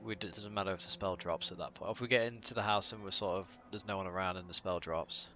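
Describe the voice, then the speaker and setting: A man's voice: sits low, fairly even intonation, quick pace, bright, forceful tone, slight background noise. A man playing a tabletop game, speaking sternly and earnestly in character. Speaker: player.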